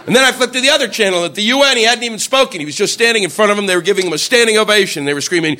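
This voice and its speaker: A man doing a stand-up routine, animated and profane, shouting out the voices he quotes. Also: sits high, very fast, few pauses, slight background noise. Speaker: stand-up comedian.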